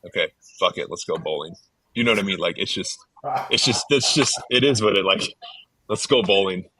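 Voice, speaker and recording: A man's voice: low voice, animated, fairly quick, sharp tone, low-quality recording. A man hosting a podcast, chatting enthusiastically and casually with his guest. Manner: enthusiastic, chatty, says "dude". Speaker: podcast host. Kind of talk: casual conversation.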